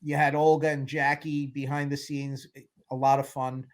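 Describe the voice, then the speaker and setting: Animated man telling stories. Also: mid-range voice, moderate pace. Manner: animated storyteller, acts out quotes, laughs often. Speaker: film producer guest. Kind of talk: casual interview storytelling.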